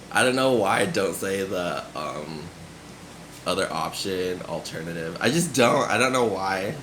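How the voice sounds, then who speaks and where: A man's voice: low-pitched, wildly swooping pitch, slow, background noise. A young man from Nevada in a casual, rambling monologue, full of fillers and frequent laughs. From grew up in Nevada. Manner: rambling, filler-heavy, giggly, laughs often.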